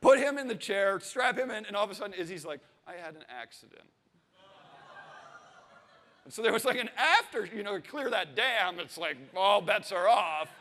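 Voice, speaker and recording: This is a man in his thirties telling a comic story at a live event, with a high voice that swings wide in pitch. He swears freely and acts out the people in it. A long reverb trails after his words, as in a big hall. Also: a little fast, hardly any pauses. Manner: animated, swearing, acting out voices and laughing. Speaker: storyteller on stage. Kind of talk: comic personal anecdote to a live audience.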